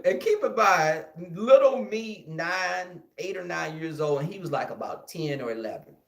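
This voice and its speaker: A man from Houston with a Texan accent, telling a childhood story in an animated, casual way to his listeners. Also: high-pitched, creaky. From Houston, Texas. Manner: animated, addresses listeners as y'all, acts out the scenes. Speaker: podcast host. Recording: echoey room.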